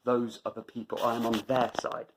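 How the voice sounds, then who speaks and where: A man's voice: mid-range voice, flat delivery, fairly quick, noisy background. A man delivering an emphatic motivational monologue as a running vlogger, driving points home by repeating phrases.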